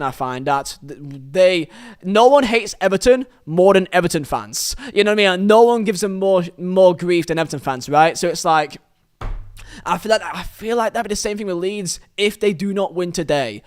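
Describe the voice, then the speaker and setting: A man's voice: sits high, clean tone. A man hosting a solo football podcast, giving an opinionated review in a rambling way, often restarting his phrases. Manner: earnest, opinionated fan.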